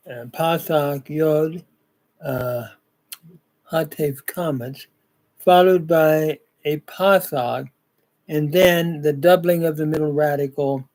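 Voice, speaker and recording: Older male Bible teacher, slow halting delivery, slightly high voice, lots of fillers. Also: darkish tone. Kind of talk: scripture reading and grammar lesson.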